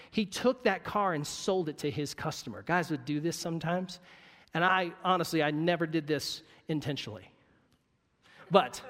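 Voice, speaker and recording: A man preaching a sermon, telling a personal story in a conversational, wry way and dropping to a quiet voice for emphasis. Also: a little high, in a large hall.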